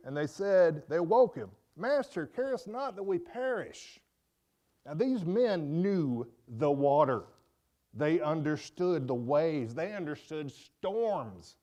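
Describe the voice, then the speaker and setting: A man teaching a Sunday school class in an informal, animated way, acting out quotes with folksy asides. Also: fairly high pitch, measured pace.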